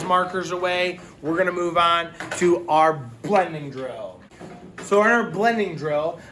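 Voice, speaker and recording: A male teacher giving a phonics lesson to young children, sounding out letters slowly and clearly and offering encouragement. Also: sits high, echoey room, noisy background. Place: classroom.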